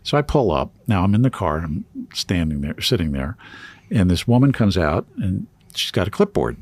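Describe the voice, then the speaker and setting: A man's voice: sits low, wildly swooping pitch, moderate pace, darkish tone, husky. A man co-hosting a podcast, telling a story in casual chat and laughing often as he goes. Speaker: podcast co-host.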